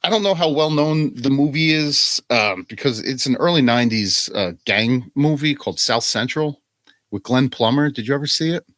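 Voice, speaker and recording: A man's voice: medium pitch, moderate pace, a bit bright, no room sound. A man co-hosting a podcast, earnestly retelling film scenes with heartfelt, casual storytelling. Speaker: guest co-host. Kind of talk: casual film review chat.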